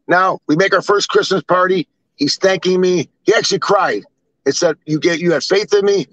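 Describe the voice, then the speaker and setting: A man's voice: high voice, moderate pace, a bit bright, dry recording, lo-fi sound. An older man telling blunt, rambling stories with swearing. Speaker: storyteller. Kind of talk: casual storytelling.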